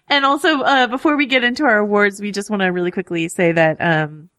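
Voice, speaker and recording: A woman's voice: medium pitch, a little fast, fairly bright tone, no room sound, clean studio sound. A woman co-hosting a casual TV podcast, chatty and upbeat, laughing often between points. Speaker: podcast co-host. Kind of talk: casual pop-culture podcast chat.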